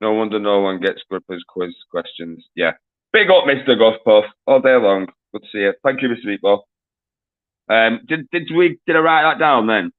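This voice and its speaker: A man's voice: lowish voice, animated, normal speed, narrow, tinny audio. A man runs a live-stream quiz in loose, casual chat. He swears freely, laughs at the answers and calls out greetings to his viewers. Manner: swears often, jokey, shouts greetings to viewers. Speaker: livestream quiz host.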